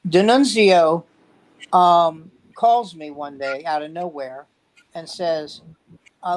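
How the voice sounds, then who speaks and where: A man's voice: on the high side, measured pace, slight background noise, poor audio. A man, a veteran stand-up comedian, telling rambling anecdotes in casual chat and acting out the quotes.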